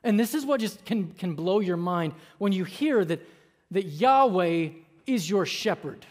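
A man's voice: high voice, expressive, a little slow. A man preaching a sermon as a pastor in a church, conversational, with frequent restarts and asides to the congregation. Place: church sanctuary.

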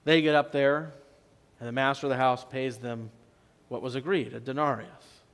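A man preaching a sermon as pastor, telling the story in a conversational way and swinging between loud and soft for emphasis. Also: mid-range voice, fairly even intonation, normal speed. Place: church sanctuary. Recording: long church reverb.

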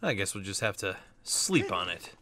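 A man's voice: deep voice, very animated, normal speed, sharp tone. Playful man narrating a game. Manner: playful, chatty. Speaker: let's play host. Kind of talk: casual game commentary.

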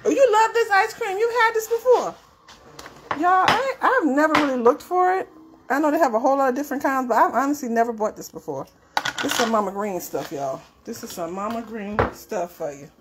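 Southern woman co-host, high animated voice, chatty with viewers, kitchen noise. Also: fairly quick. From Norfolk, Virginia. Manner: chatty, addresses viewers as y'all. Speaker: cooking show co-host. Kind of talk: casual cooking chat.

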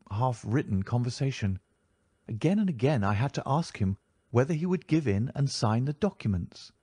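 A man narrating a classic detective story in a measured, even storytelling voice. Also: medium pitch, husky, no room sound, studio quality. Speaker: audiobook narrator.

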